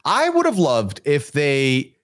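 A man's voice: fairly high pitch, slow, dry recording, clean studio sound. A man co-hosting a podcast, chatting casually and playfully about a reality show episode. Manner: animated, playful, excitable. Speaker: podcast co-host. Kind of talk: casual recap chat.

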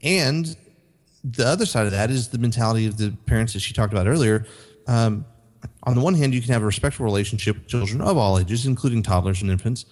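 A man's voice: medium pitch, fast, darkish tone. A man co-hosting a parenting podcast, earnestly summarizing and reading from an article. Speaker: podcast co-host. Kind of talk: casual chat, reading quotes.

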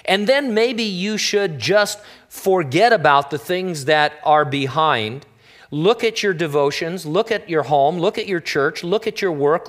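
A male pastor with a voice a little above the usual pitch for a man, preaching in an easygoing, conversational way. He slips wry, joking asides in among his encouragements to the congregation. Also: fairly bright tone. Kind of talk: conversational sermon.

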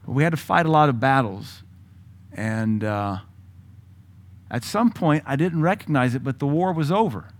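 A man's voice: medium pitch, expressive, normal speed, long pauses. A middle-aged male pastor preaching a sermon, telling a personal story with laughs and sudden swings in volume.

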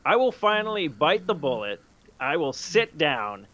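A man on a casual podcast, cheering on a friend in an emphatic, profane rush. His voice sits a bit high and sounds bright and forceful. It is an unscripted, chatty delivery. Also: very animated, a little slow, dull audio. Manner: emphatic, profane pep-talking. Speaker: podcast co-host.

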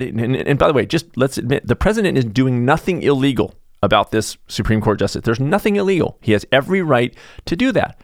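Speaking briskly with hardly any pauses, a middle-aged podcast host rattles through an animated, casual monologue full of restarts. He mocks others in sudden high voices, and the studio-quality audio has no echo.

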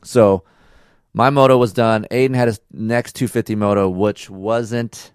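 A man with a fairly low voice chats on a casual podcast and tells a story in a relaxed, slangy way. The sound is dry and close, with no room echo. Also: a little slow, clear, resonant tone. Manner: laid-back storytelling with slang. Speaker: podcast host. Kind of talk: casual chat.

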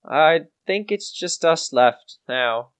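In a grim scene, a man voices a frightened yet defiant young farm boy, blustering in a high voice with cockney-tinged exclamations. The delivery is expressive and slow, clear, with a resonant tone.

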